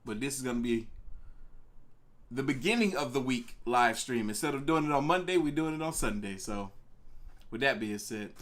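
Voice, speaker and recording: A young man hosts a casual live stream. His voice sits in the middle of the male range. He talks in an animated way and calls out viewers one after another. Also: normal speed. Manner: animated, greets viewers by name, pitch jumps on excited words. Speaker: live-stream reaction host.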